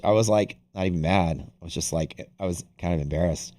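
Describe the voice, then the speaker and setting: This day-trading streamer's voice sits low with a dark tone, and he talks fairly quickly. He chats loosely on his livestream, cursing, wandering off topic, and restarting lines a lot.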